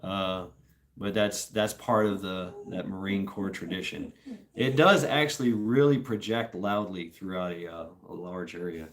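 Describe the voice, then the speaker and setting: A man hosting a casual livestream, rambling and chuckling as he chats with viewers. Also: deep voice. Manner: rambling, chuckling, slow and drawn out. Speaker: livestream host.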